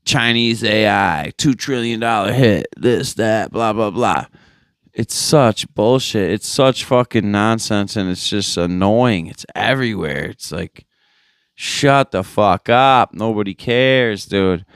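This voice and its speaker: A man's voice: on the low side, takes it slowly, fairly bright tone, smooth, dry recording, studio quality. Profane ranting podcast host man. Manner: swearing, exasperated ranting. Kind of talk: profane casual rant.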